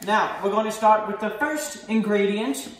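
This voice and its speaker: A man hosting a parody cooking show, bossing his helper around and yelling insults between laughs. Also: sits high, normal speed. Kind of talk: comic improvised cooking demo. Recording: roomy echoey room, faint noise.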